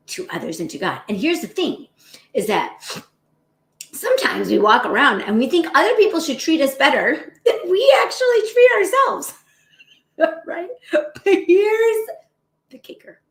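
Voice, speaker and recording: A woman physician talks in a casual, encouraging way and acts out the harsh voices people use on themselves. Her pitch is mid-range but very lively, jumping high and dropping low. The sound has a roomy echo. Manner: animated, acts out self-critical inner voices, often adds "right?". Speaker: physician and motivational host. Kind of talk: casual motivational talk.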